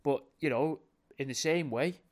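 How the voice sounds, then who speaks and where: A man's voice: fairly high pitch, moderate pace. A man hosting a podcast in a casual, rambling, jokey way, often correcting himself mid-sentence. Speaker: podcast host.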